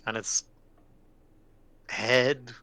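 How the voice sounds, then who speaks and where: A man's voice: mid-range voice, fairly even intonation, very slow, pushed and bright, dry recording. A man narrating a tabletop game as game master, describing scenes casually and with many self-corrections.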